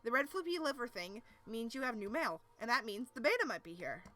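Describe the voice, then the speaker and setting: A woman reads a webcomic aloud on a live stream, tripping over words and dropping casual, self-deprecating asides. Her voice is bright and slightly high. Soft music plays in the background. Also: big pitch swings, brisk.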